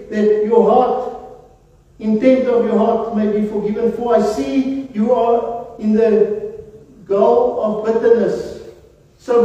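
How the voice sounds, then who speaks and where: A man's voice: very high-pitched, warm tone. A male pastor preaching a sermon in earnest, calling his listeners "beloved" again and again. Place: church hall. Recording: echoey hall from far off, dull lo-fi sound.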